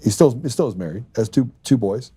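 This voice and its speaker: Male podcast host, mellow dark voice, loose anecdotal storyteller. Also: mid-range voice, lively intonation, fairly quick, slightly rough. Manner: storytelling, laughs often, acts out quoted dialogue. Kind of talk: casual chat.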